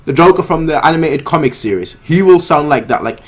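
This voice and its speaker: A man hosting a manga reaction, reading panels aloud and commenting excitedly, often repeating himself. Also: fairly quick, slightly rough. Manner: excitable, repeats himself, reads dialogue in a lower voice.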